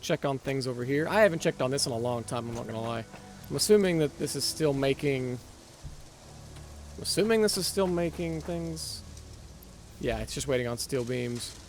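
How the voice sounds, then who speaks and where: A man's voice: mid-range voice, lively intonation, normal speed, a little hiss or hum. A man casually commentating his own gameplay, rambling, correcting himself and muttering as he plays. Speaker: gaming channel host. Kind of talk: casual let's-play commentary.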